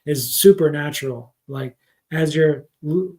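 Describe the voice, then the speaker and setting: A man gives a casual livestream scripture lesson, thinking aloud and filling pauses with ums and uhs. His voice is mellow and warm, sitting a little high for a man. He wanders from point to point as he explains. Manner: rambling, many fillers, thinks aloud. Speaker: spiritual teacher.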